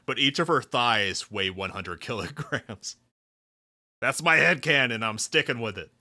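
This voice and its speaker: This VTuber streamer speaks a little slowly in a mid-range voice, joking casually as he reads a game's dialogue aloud. His livestream commentary is jokey, animated and playful, with faint music in the background.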